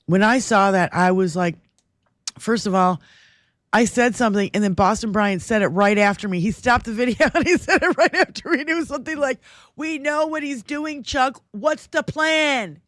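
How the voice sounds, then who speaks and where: A woman's voice: medium pitch, fairly quick, a bit bright, no room sound, studio quality. A woman co-hosting a livestream, ranting about politics in heated, profane casual chat. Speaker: livestream co-host.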